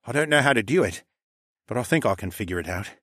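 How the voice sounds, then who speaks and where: A man's voice: fairly low pitch, animated, quick pace, fairly bright tone, dry recording, studio quality. A man voicing a cold, commanding young male noble who speaks in clipped, authoritative lines. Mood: modest.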